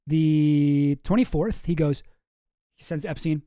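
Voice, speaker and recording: A show host with a slightly high, animated, mellow voice talks at normal speed, reading on-screen documents while delivering profane, rambling, self-mocking commentary in a casual style. The audio is clean studio sound with no echo.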